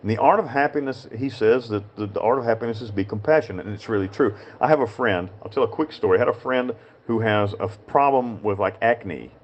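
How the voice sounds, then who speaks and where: Southern mountain man, prison chaplain monologue, frank and rambling, lowish voice, dull lo-fi sound. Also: a little fast. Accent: Southern Appalachian mountain. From Western North Carolina. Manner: rambling, repeats himself, frank and profane. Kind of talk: casual spoken monologue.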